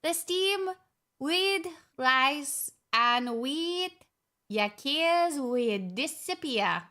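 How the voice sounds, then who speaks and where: A streamer voicing a playful mock Scottish reader, reading aloud slowly in a sing-song way with a put-on Scottish accent. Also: female voice, sits high, animated, sharp tone, heavily acted. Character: playful woman doing an exaggerated Scottish brogue.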